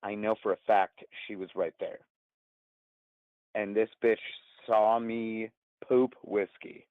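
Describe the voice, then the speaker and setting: A man's voice: fairly low pitch, fairly even intonation, slow pace, dry recording. A man in his twenties calling in to a show, rambling through a story with lots of swearing and laughter. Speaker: caller. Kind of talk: casual storytelling. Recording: tinny phone line.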